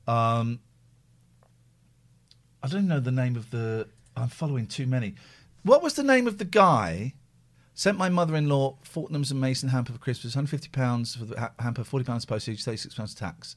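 A man hosting a live show in casual chat, with a jokey, rambling manner. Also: medium pitch. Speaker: show host.

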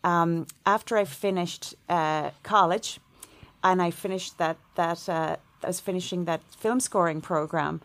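A woman's voice: lowish voice, a little slow. A middle-aged woman from Ireland, a composer, telling stories in an interview and acting out quoted voices. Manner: animated, acts out quoted voices with laughs. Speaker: composer guest. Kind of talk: storytelling interview answer.

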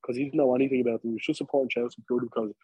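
A man with a Dublin accent, co-hosting a podcast and telling an animated, casual story full of fillers. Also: medium pitch, very fast, slightly rough, no echo, rough recording. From Ireland. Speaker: podcast co-host. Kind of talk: casual chat.

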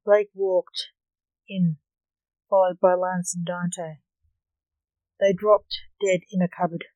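A storyteller reading a fantasy story aloud in a steady, unhurried way. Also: medium pitch, no room sound, lo-fi sound. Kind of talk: scripted narration of a fantasy story.

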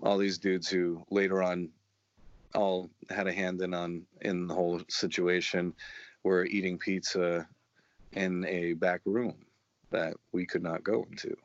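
A man's voice: low voice, little pitch movement, measured pace, no echo, highs cut off. A man telling rambling, profanity-laced stories in a casual chat. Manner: profane, rambling, matter-of-fact.

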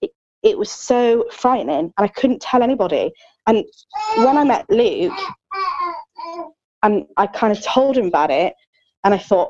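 A woman's voice: mid-range voice, lively intonation, normal speed, long pauses, a little mellow, muffled recording. A woman in her thirties chatting candidly as a podcast co-host, open and talkative with lots of fillers and self-mocking jokes. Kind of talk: candid casual chat.

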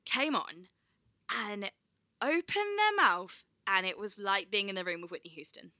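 Young woman, podcast co-host, very bright, dry close sound, chatty and laughing. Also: medium pitch, animated, measured pace, no room sound. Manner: chatty storyteller, laughs often, swears casually. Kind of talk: casual chat.

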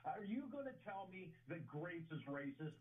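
A man calling in to a radio show and ranting in an argumentative, emphatic, rapid-fire way. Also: high voice, big pitch swings, phone-quality sound, a crowd in the background. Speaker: radio caller. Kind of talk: heated call-in rant.

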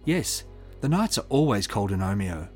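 A man voicing a male clergyman on trial, giving short, guarded answers in a lowered voice. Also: very animated, normal speed, darkish tone, breathy edge, faint music behind.

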